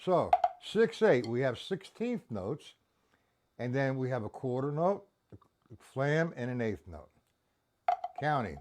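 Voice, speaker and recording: A man's voice: mid-range voice, sing-song, slow pace, long pauses, background noise. A man teaching a live-streamed drum lesson, counting beats aloud and checking in with viewers.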